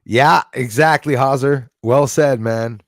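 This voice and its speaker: A man's voice: mid-range voice, slow, dry recording, clean studio sound. A man hosting a casual live stream, rambling as he reads out and thanks viewers in the chat. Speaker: livestream host.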